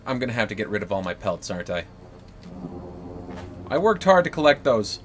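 A man's voice: on the low side, very animated, fairly quick, slight background noise. A man live-streaming a video game, talking through his play in an exasperated, jokey way.

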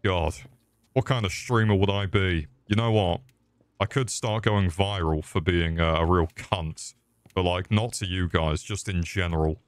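Deep-voiced, foul-mouthed British streamer. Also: male voice, unhurried. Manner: crude, ranting, heavy swearing. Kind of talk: casual gaming stream commentary.

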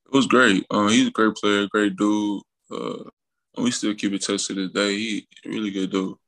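Young college athlete from Mississippi, interview guest; deep monotone with vocal fry, easygoing rambling delivery. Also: male voice, moderate pace, poor audio. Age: young adult. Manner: relaxed, rambling with fillers and restarts, laughs while telling stories. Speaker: college basketball player, guest. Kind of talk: casual interview storytelling.

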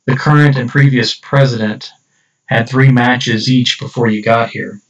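A weary, matter-of-fact dead artist, read aloud by a man in a flat, even tone. The sound is dull and lo-fi, picked up from a distance. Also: mid-range voice, unhurried, reverberant, close to an everyday voice.

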